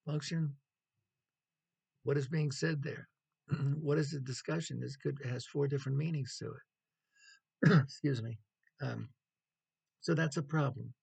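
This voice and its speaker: A man delivers a writing lecture in a heavily gravelly voice with a husky edge. He talks in a measured way, with pauses, fillers and the odd cleared throat. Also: mid-range voice, darkish tone. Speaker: writing instructor.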